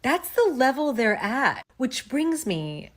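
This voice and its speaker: A woman's voice: sits high, very animated, slow. A woman in a casual podcast chat, talking in a sarcastic, mocking way.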